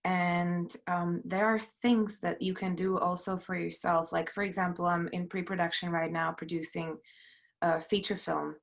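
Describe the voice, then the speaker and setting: A middle-aged woman producer on a video call from home, sharing her story in an earnest, halting way, emotional and near tears, with many fillers and restarts. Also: fairly low pitch, steady tone, gravelly. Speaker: panelist, film producer. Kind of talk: personal testimony on a panel.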